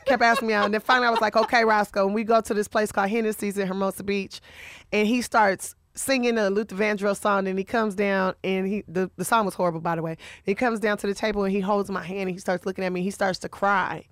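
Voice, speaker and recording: A woman's voice: mid-range voice, fairly even intonation, fast talker, dry recording, clean studio sound. A woman in casual chat, telling raunchy stories with frequent laughter. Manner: raunchy, storytelling, laughs often.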